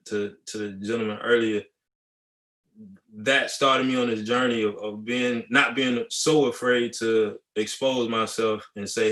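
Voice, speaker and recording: Man talking in an echoey room. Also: mid-range voice. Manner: relaxed and conversational, acts out students' replies. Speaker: high school band director. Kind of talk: masterclass talk.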